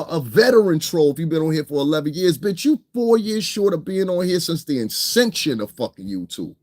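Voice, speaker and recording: A man, his voice pitched a touch high, tears into critics in a profane, mocking rant. He lurches from loud outbursts to low mutters, sounding confrontational throughout. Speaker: online hip hop commentator. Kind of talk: ranting streamed commentary.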